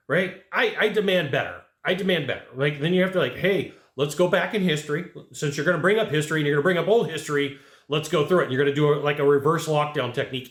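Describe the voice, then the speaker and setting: Man, sales trainer, fairly high voice, echoey room, lively rhetorical delivery. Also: fairly quick. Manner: animated, acts out client quotes, rhetorical questions. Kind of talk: casual sales training talk.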